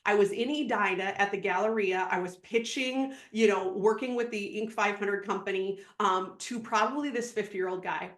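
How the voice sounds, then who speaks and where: A woman in her thirties from Minnesota, a podcast guest telling her story in an animated, laughing way. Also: medium pitch, normal speed, few pauses. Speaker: podcast guest, real estate agent. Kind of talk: casual storytelling interview. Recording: roomy echo.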